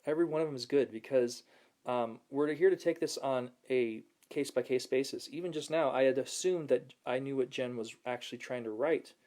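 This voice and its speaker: Man giving a relaxed self-help talk. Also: mid-range voice, a little fast. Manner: relaxed, laughs often, reads viewer comments aloud. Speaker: host of a self-help video. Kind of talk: casual motivational talk to camera.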